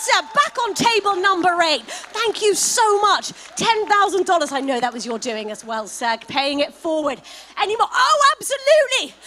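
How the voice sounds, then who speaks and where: A woman's voice: very high-pitched, bright, forceful tone, a little hiss or hum. A woman leading a live fundraising paddle raise at a gala, calling out donation amounts and heaping effusive praise on each donor. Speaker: fundraising auctioneer. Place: gala event hall.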